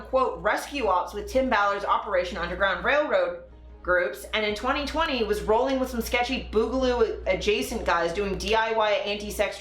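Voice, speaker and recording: A woman's voice: mid-range voice, a bit bright, reverberant. Angry, sarcastic woman streamer. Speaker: political livestream host. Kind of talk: casual political commentary.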